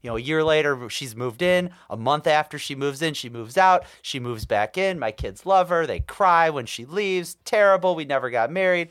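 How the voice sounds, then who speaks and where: A man's voice: fairly high pitch, lively intonation, moderate pace, hardly any pauses, a bit bright, clear, resonant tone, dry recording, clean studio sound. A man, co-hosting a podcast, telling dating stories in a blunt, profane, casual way. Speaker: podcast co-host. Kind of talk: casual chat.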